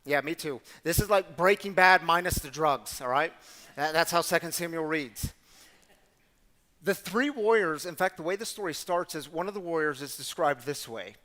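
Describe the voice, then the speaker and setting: A man serving as guest storyteller, delivering a sermon-style story in an animated, conversational way and speaking directly to the audience. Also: on the high side, moderate pace, in a large hall.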